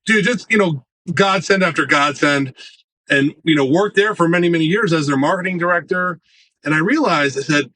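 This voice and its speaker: Brief: male interview guest, slightly high voice, lively storyteller who acts out quotes. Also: normal speed, poor audio. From United States. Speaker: marketing executive guest.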